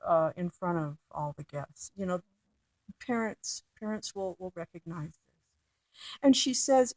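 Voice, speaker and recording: Woman teaching a poem, talks slow, lots of um and restarts, dry close mic. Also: lowish voice, expressive, darkish tone, no room sound. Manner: slow, halting, with many fillers and restarts. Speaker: literature teacher. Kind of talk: recorded lecture with poem reading.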